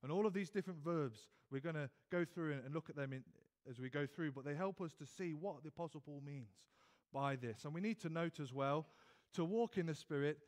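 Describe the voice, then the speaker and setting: A man's voice: a little high, brisk, a little mellow. A man with a British accent preaching an evening sermon in church, earnest, often restarting and repeating words as he builds emphasis. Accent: British English.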